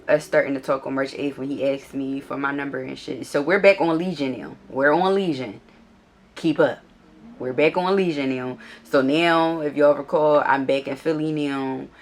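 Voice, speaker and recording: A woman's voice: sits low, fairly bright tone. A woman vlogger telling a story in a casual, blunt and profane way, reading out text messages as she scrolls through them. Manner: blunt, profane, exasperated retelling; reads texts aloud while scrolling.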